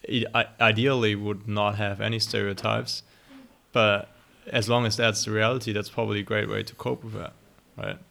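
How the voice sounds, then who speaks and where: A male interviewer with a fairly low voice asks his questions slowly, pausing and filling the gaps with ums and likes. The conversation is casual. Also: little pitch movement, vocal fry, bright, forceful tone. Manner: hesitant, many fillers.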